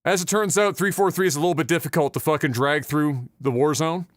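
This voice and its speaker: High-voiced, profane podcast host. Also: male voice, fairly quick, dry recording, studio quality. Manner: profane, storytelling. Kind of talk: casual chat.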